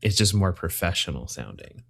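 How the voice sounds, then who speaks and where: A man's voice: low voice, very animated, normal speed, vocal fry, a bit bright. A man hosting a podcast from a room at home on his own microphone. He talks in a rambling, jokey way and keeps correcting himself mid-sentence. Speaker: podcast host. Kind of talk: casual chat. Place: home room, separate from co-host.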